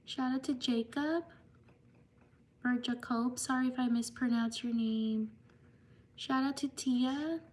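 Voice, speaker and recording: High-voiced woman reading shout-outs. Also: fairly even intonation, far from the mic. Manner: slow, halting over names, apologetic. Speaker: live streamer. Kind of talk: reading out viewer shout-outs on a live stream. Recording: voice a bit off-mic with faint background hiss.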